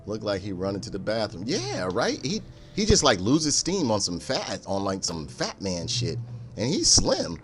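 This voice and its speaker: A man streaming a game, joking and cursing in an animated, storytelling way. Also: fairly low pitch, normal speed, soft background music. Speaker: gaming streamer. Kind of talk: casual let's-play commentary.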